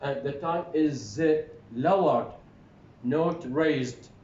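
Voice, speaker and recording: A man with an Iraqi Arabic accent, a native Arabic speaker, giving a phonetics lecture, halting with restarts and fillers, then drilling word pairs clearly. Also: a little mellow. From Iraq. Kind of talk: classroom lecture, switching between English and Arabic. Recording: roomy, dull lo-fi recording with faint rumble.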